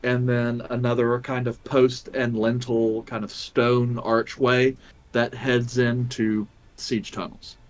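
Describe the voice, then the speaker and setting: A man narrating scenes as game master, with measured descriptions and frequent fillers. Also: medium pitch, flat delivery.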